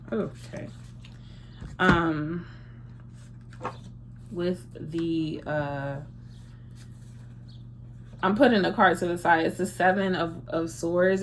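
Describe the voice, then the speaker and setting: A woman's voice: on the low side, a little hiss or hum. A woman in her thirties giving a casual spiritual tarot reading, emphatic and repetitive, with frequent restarts. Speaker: tarot reader.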